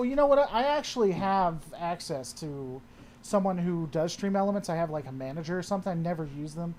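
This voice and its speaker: A man's voice: high-pitched, a little mellow, a little hiss or hum. A man hosting a casual livestream, answering chat and often trailing off and restarting his sentences.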